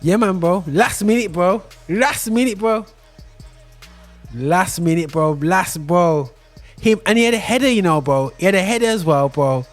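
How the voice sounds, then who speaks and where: A man hosting a casual football chat, talking fast and repeating himself excitedly. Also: high-pitched, soft background music. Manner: excitable, repeats "bro" often. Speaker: podcast host.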